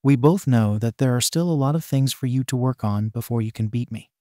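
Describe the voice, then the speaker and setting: A man's voice: medium pitch, a little fast, warm tone, no echo, studio quality, natural voice. A man voicing a determined teenage boy training to be a hero, speaking firmly and matter-of-factly.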